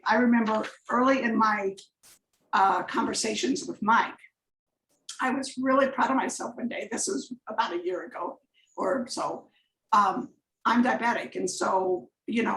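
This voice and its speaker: A woman's voice: medium pitch, a bit bright. A woman giving a chatty, rambling slide presentation on a coaching video call, drifting into personal anecdotes. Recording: echoey room on a video call.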